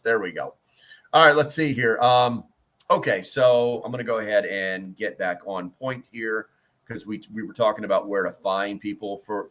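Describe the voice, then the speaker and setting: A man's voice: on the low side, a bit bright. A man hosting a casual livestream chat, rambling and joking, with lots of fillers and restarts as he reads out the chat. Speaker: prepper livestream host.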